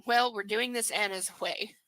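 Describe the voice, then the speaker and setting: A woman's voice: mid-range voice, steady tone, moderate pace, a bit bright, dry recording, close to an everyday voice, low-quality recording. Woman reading as a possessive rich man.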